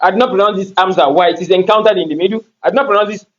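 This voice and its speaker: Male grammar teacher, high voice, patient step-by-step explainer, muffled lo-fi sound. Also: racing. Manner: explains step by step, repeats and asks rhetorical questions. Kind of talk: classroom grammar lesson.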